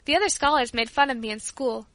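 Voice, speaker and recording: A woman reading a storybook aloud in a clear, even storytelling manner. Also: high voice, fast talker, no echo. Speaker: audiobook reader. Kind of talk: scripted narration.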